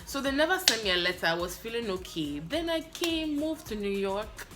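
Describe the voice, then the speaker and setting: A woman from Africa telling a story in a lively vlog, acting out both sides of her phone calls. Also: a little high, moderate pace, over loud music. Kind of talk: animated story-time vlog.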